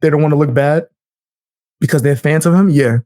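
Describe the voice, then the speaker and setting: Young NY-accent man, blunt and heated live commentary, higher voice, dry close sound. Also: brisk, a little mellow, dry recording. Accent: New York. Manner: blunt, heated, laughs often, swears. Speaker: streamer reacting to clips. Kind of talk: casual live-stream commentary.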